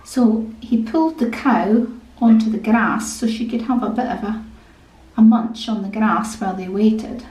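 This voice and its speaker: A Scottish woman telling a traditional story to children in a gentle, expressive way. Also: fairly high pitch, a little slow. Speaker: storyteller and music tutor. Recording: roomy echo.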